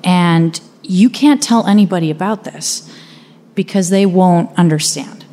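A woman quoting a calm, serious mother. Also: on the low side, unhurried, long reverb tail. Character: calm, serious mother explaining hard news.

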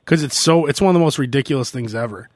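A man's voice: mid-range voice, fast, no room sound, studio quality. A man hosting a podcast, chatting loosely and laughing often. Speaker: podcast host. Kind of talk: casual chat.

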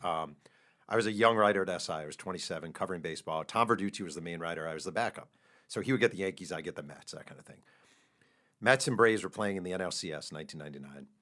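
A middle-aged man with a deep, low-pitched voice talks fast in a relaxed interview. He is an animated storyteller who laughs along with his own anecdotes. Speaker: author guest.

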